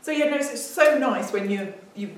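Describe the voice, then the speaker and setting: A woman's voice: a little high, animated, a little fast. A woman co-hosting a casual chat about auditions, with dry teasing humour and frequent giggles. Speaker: podcast co-host, theatre director. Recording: echoey room, far from mic, faint noise.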